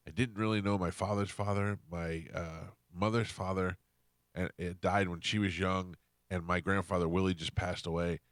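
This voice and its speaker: A middle-aged man with a fairly low voice tells a story on a morning radio show, switching between himself and the other person as he goes. The studio sound is close and dry, with no room behind him. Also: dry recording. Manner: animated storyteller acting out both sides of a conversation. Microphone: studio microphone.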